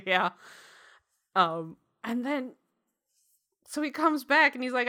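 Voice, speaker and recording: A woman's voice: a little high, lively intonation, slow, pauses often, bright, forceful tone. A young woman co-hosting a casual chat, laughing often as she jokes along.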